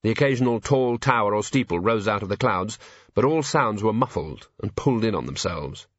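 Brief: male audiobook narrator, husky, dry close sound, slightly dull recording. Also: lowish voice, lively intonation, brisk, a bit bright, no room sound. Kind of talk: scripted narration.

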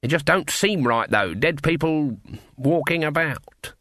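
A man's voice: fairly high pitch, lively intonation, a little slow, a bit bright, no room sound, studio quality, voice pushed up. A man voicing a stern older woman witch with a clipped, stiff way of talking.

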